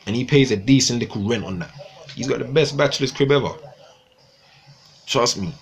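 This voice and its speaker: A man's voice: mid-range voice, fairly quick. Ranting young man. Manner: animated, ranting, swearing, repeats himself. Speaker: livestream host. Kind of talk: casual livestream rant.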